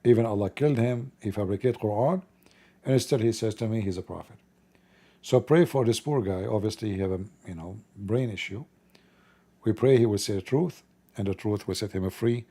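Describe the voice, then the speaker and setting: A man's voice: on the low side, normal speed, dark tone, breathy edge. A middle-aged man hosting a livestream, shifting between casual chat and blunt, mocking preaching in broken grammar. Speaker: livestream host.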